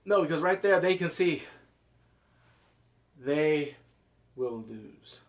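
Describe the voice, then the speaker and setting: A man reviewing a TV episode in excited casual commentary, cursing freely, breaking into loud exclamations and quick character impressions. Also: fairly high pitch. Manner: animated, profane, jumps into loud exclamations; mimics characters in quick asides.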